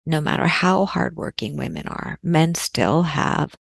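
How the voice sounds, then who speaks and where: A woman with a low, slightly gravelly voice talks earnestly in a podcast conversation. She stresses the important words by repeating them. The sound is close and dry, with no room around it. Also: lively intonation, measured pace, no room sound.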